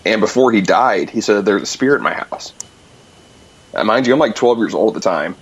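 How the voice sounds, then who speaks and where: A man's voice: fairly low pitch, expressive, a little hiss or hum. A young man calling in, telling a ghost story in a rambling, casual way with lots of fillers. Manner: rambling, many fillers, quick. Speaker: guest musician calling in. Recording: dull lo-fi call-in line.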